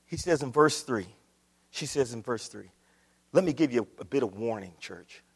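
A man preaching a sermon to his church, swinging from quiet, low passages up to loud, shouted ones. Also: expressive, normal speed, husky. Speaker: pastor. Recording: long hall reverb.

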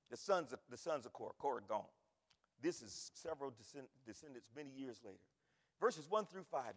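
A male pastor preaches in a high, animated voice, dropping low and quiet and then rising to shouts. His words ring out with the long reverb of a big hall. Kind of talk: sermon.

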